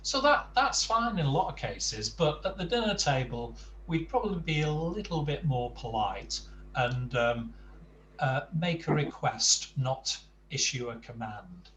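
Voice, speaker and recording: Man, teacher, slow careful explanation, lots of ums, faint hum behind. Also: mid-range voice, big pitch swings, a bit bright. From England. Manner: slow, patient, many ums and uhs. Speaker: Spanish teacher. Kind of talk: relaxed lesson explanation. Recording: distant mic with faint hum.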